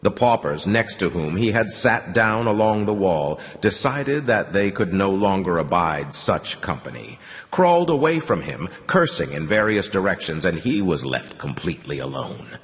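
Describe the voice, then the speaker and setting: Male audiobook narrator, low voice with wide swings, dramatic. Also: big pitch swings, normal speed, in a large hall. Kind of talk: scripted narration.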